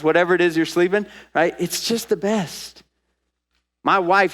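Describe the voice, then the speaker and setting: Animated higher-voiced male pastor preaching. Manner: animated, acts out quoted voices. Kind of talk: sermon. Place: church before a congregation.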